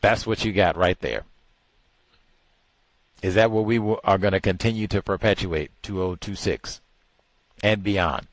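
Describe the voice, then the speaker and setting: Here a man hosting a talk show speaks a little slowly and pauses often, with no echo in the audio. His casual, exasperated remarks move between low muttering and incredulous high-pitched outbursts.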